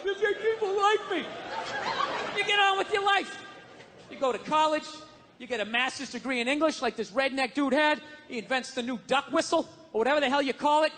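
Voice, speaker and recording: A man doing a stand-up comedy rant on stage, shouting and incredulous in tone. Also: very high-pitched, expressive, brisk. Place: comedy stage before a live audience. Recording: live stage recording with crowd and noise.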